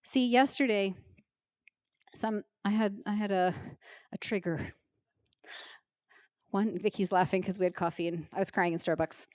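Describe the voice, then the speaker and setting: A middle-aged woman pastor preaching a sermon in an earnest, emotional way, slowing down to stress key words. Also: medium pitch, fairly even intonation, darkish tone, no echo, clean studio sound. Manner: earnest, emotional, slows down for emphasis. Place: church stage.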